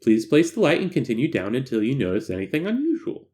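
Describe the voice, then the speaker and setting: A man voicing a calm, detached male doctor who gives formal, flat instructions. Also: medium pitch, fast talker, pitched below the performer's own voice. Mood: clinical.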